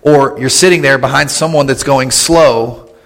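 Casting: man in his thirties, pastor giving a relaxed, jokey sermon, mid-range voice, church hall reverb behind him. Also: medium pitch. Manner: joking, conversational, with quick asides and laughs. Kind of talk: casual humorous sermon. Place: church sanctuary.

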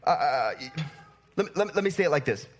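A man's voice: on the high side, very animated, moderate pace, soft background music. A man preaching a sermon, teaching through everyday examples and often checking in with the congregation. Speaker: pastor.

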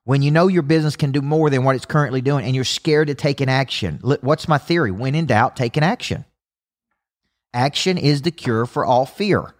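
A middle-aged man, a business coach, giving an energetic motivational talk on a livestream, with punchy repeated phrases. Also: mid-range voice, moderate pace. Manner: energetic, emphatic, repetitive phrasing.

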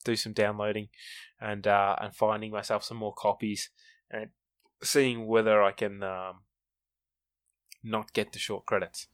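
A man's voice: on the low side, little pitch movement, unhurried, pauses often. A man hosting a podcast, chatting casually and retelling scenes from an episode. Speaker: podcast host. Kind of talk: casual chat recapping an episode.

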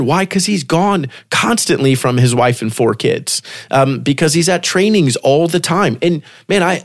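A man's voice: a little high, dry recording, clean studio sound. A man hosting a Christian podcast, reading an essay aloud and then chatting loosely with a guest, stumbling and restarting often. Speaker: podcast host. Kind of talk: casual faith podcast chat.

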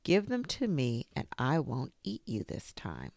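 A greedy, boastful storybook tiger, as a woman reading aloud puts it on. The voice sits low with a gravelly edge. It moves slowly, in a close, dry sound. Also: wildly swooping pitch, a little mellow, no room sound, exaggerated voice. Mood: gruff.

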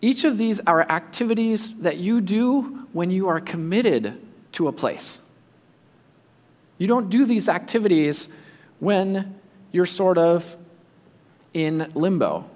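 Animated preacher, high lively voice. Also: male voice, slow pace, pauses often, in a large hall. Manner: animated, acts out imagined voices of listeners. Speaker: pastor. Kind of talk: sermon.

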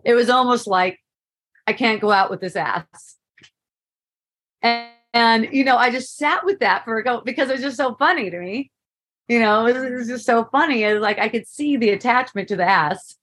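A woman's voice: on the high side, fairly quick, fairly bright tone. A middle-aged woman telling a personal story in a casual spoken monologue, laughing often and asking "right?" to keep the listener with her.

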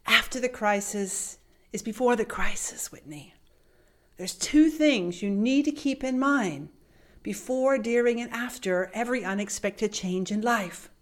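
A woman voicing a wise, gentle father who gives earnest, hushed advice to his daughter. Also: on the high side, a little slow, natural voice.

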